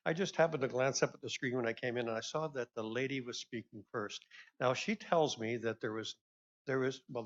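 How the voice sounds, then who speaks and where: Male session moderator, mid-pitched, chatty and polite, dull lo-fi recording. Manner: chatty, courteous, repeats his requests. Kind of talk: formal welcome and announcements. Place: convention session room. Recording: dull lo-fi sound.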